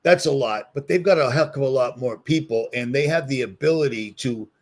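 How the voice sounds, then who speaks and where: A man's voice: medium pitch, a little fast. A man with a Boston accent, ranting heatedly in a solo commentary video and repeating his points for emphasis. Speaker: commentary vlogger.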